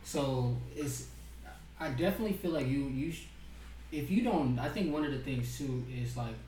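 A man's voice: mid-range voice, animated, normal speed, dark tone, slight background noise. A young man co-hosting a podcast, chatting casually with lots of filler words. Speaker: podcast co-host. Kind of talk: casual chat. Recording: roomy, distant from the mic.

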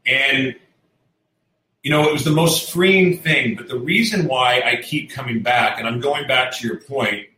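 A man's voice: mid-range voice, unhurried, sharp tone, distant mic. A man telling his own recovery story in an earnest, rambling way, with many fillers and restarts. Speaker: show host sharing his recovery story. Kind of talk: candid personal storytelling. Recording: echoey room, voice off-mic.

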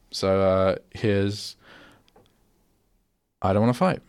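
A man's voice: fairly low pitch, moderate pace, long pauses, a little hiss or hum. Rambling young man on student radio. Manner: rambling, self-interrupting, chatty. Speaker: radio host. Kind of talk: casual solo radio chat. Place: radio studio.

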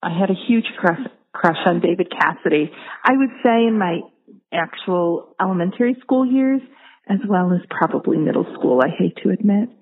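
A woman's voice: on the low side, normal speed. A woman in her fifties from Rochester, New York, with a New York accent, telling a self-mocking story in a chatty way. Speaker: listener sharing a story. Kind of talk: recorded personal anecdote. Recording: tinny phone-quality recording.

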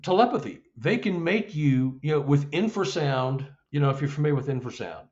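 A middle-aged man telling a story as an interview guest, acting out the dialogue with lively jumps in his voice. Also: a little fast. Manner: animated, acts out dialogue with rising pitch. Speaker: Sasquatch investigator, guest. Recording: dull lo-fi audio.

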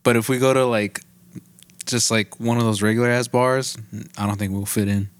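Relaxed joking man, mid voice. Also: mid-range voice, normal speed, clear, resonant tone, dry recording. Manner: relaxed, joking, swears casually. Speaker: podcast co-host. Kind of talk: casual chat.

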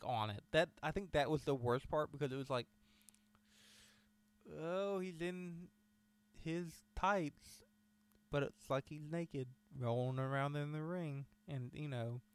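A man talking in a casual, rambling way, his voice smooth and clear. He chats loosely with a friend, piling on asides. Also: medium pitch, normal speed. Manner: rambling, animated wrestling talk with laughs. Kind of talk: casual chat.

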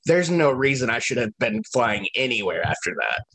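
A podcast co-host with a mid-range voice talks at normal speed, recounting a long travel tale. The conversation is casual, and his storytelling is animated and peppered with swearing.

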